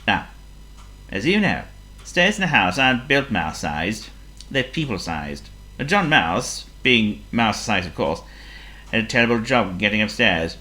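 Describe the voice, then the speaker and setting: A woman reading a children's story aloud, expressive and playful, asking the listener questions. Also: very deep voice, normal speed.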